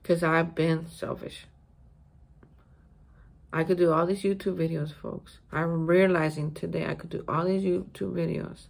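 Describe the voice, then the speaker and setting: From a hotel room, a recovery vlogger offers a casual daily reflection on her recovery, talking emphatically and repeating words for stress. Her voice is on the low side and gravelly, a little slow, with fairly even intonation.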